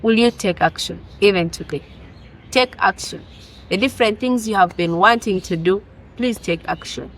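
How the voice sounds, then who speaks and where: A woman's voice: medium pitch, normal speed, a little hiss or hum, poor audio. A woman with a non-native English accent giving an earnest, exhorting motivational sermon full of rhetorical questions. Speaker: preacher.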